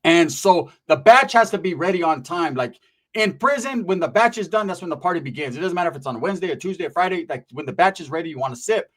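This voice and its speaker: A man's voice: a little high, animated, fast talker. A man hosting a channel, telling casual stories about prison life in blunt, profane street slang and checking in often with "right?". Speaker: channel host and storyteller.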